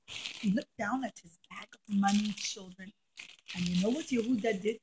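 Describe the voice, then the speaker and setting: A woman telling a story to young children in a classroom, animated, acting out the characters with gasps and whispers. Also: medium pitch, normal speed, a little hiss or hum, low-quality recording.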